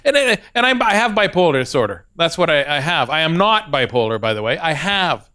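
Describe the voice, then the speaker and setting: On stage before a live audience, a middle-aged stand-up comedian tells a self-deprecating story, acting out the dialogue and laughing at his own jokes. His fairly high voice is sing-song, a little fast, bright, and forceful.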